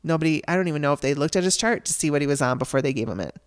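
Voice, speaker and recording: A woman's voice: low voice, expressive, racing. A woman hosting a podcast, telling a raw personal story in a candid, emotional way and swearing casually. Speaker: podcast host.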